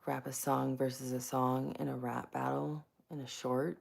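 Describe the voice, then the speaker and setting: A woman's voice: rumbling low, flat delivery, moderate pace, vocal fry, a little mellow. A woman hosting a casual live stream, chatty and self-mocking, greeting viewers by name.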